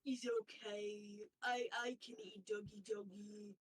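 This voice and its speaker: A woman voicing a dim, clingy male otter-like captor who speaks in slow, simple babyish phrases. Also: medium pitch, little pitch movement, slightly rough, far from the mic. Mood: cooing.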